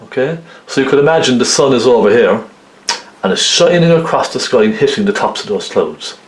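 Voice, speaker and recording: A man with a mid-range, animated voice talks briskly through an oil painting lesson step by step. He keeps it chatty, peppering his instructions with tag questions like "okay" and "isn't it." The room adds a noticeable echo.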